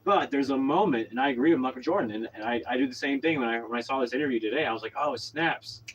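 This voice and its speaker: A man from Oklahoma tells a story in a loose, rambling way, full of fillers and false starts. His voice sits at an ordinary middle pitch, with a faint hum of noise behind it. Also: rapid-fire, muffled recording. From Oklahoma, USA. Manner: rambling, many fillers and restarts. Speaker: vlogger. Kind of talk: casual storytelling monologue.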